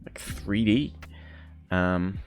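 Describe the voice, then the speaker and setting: A man's voice: low-pitched, faint music behind. Playful rambling male streamer. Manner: playful, rambling, quick to laugh and argue jokingly. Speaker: live streamer. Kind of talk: casual chat reacting to viewer chat.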